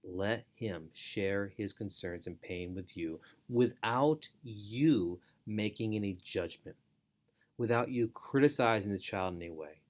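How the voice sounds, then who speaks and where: A middle-aged man with a lowish voice speaks at a measured pace, teaching parents in an earnest instructional talk. He's a foster parent and parenting educator who repeats key phrases for emphasis.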